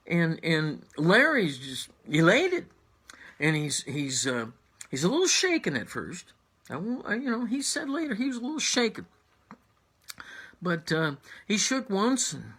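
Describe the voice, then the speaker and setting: A man telling a tall tale in a halting, suspenseful way, dropping to a hush at tense moments. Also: on the high side, creaky, breathy edge. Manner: halting, restarts, drops to whispers for suspense. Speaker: storyteller.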